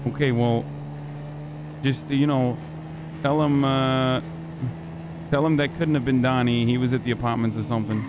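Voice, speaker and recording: A man's voice: mid-range voice, fairly even intonation, moderate pace, pauses often, noisy background. A man streaming a roleplay game, talking in character in a hesitant, stammering way with plenty of swearing, into a desk microphone.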